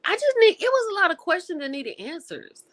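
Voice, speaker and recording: A woman hosting a livestream, chatting casually with her viewers and reacting with lively exclamations. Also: very high voice, a little fast. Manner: animated and expressive, with exclamations; talks to viewers directly, reading and answering chat. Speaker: livestream host reviewing TV and film.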